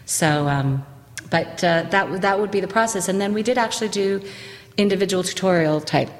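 A woman's voice: medium pitch, fairly quick, long reverb tail. A woman dialect coach explaining how she teaches an accent to actors, demonstrating the vowel sounds as she goes.

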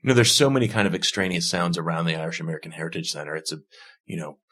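A man from the production team, measured and explanatory in an interview. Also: sits low, lively intonation, fairly bright tone. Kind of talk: conversational interview.

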